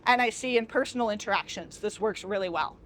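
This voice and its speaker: Teaching an informal workshop in a train car with a view, this young adult facilitator talks fast in a mid-range, somewhat bright voice, with a little hiss or hum on the recording. She stays chatty and often acts out the dialogue she quotes.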